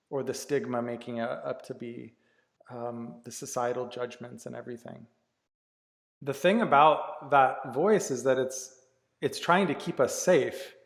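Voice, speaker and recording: Male life coach, mid-pitched, candid and earnest, casual swearing; roomy echo with long tail. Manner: candid and earnest, swears freely, many restarts. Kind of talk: casual motivational talk. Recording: echoey room with long reverb.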